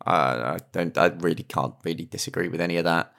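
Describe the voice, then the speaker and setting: A man's voice: deep voice, fairly quick, vocal fry, a bit bright. A man co-hosting a casual football podcast, making matter-of-fact points and throwing in short, dry interjections.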